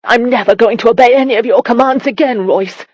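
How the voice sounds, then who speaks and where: A defiant, spirited young noblewoman, her voice pitched up and pressing each point, as a woman reader plays her. She speaks with force and feeling. The sound is dry and dull. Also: a little fast, darkish tone, no echo, close to an everyday voice. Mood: emphatic. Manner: raised, emphatic pleading.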